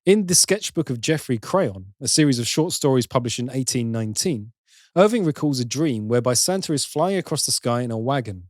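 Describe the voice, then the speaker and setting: A man's voice: mid-range voice, animated, fairly quick, no room sound, clean studio sound. A man co-hosting a podcast, reading out trivia and joking with casual swearing. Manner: reads facts aloud, then jokes and swears casually. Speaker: podcast co-host. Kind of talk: casual chat with read-out trivia.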